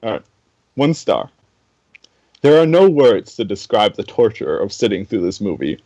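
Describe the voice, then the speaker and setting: A man's voice: lowish voice, big pitch swings, normal speed, dark tone, dry recording, dull audio. A man co-hosting a podcast in casual chat, hesitant and stammering with a dry sense of humor. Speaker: podcast co-host.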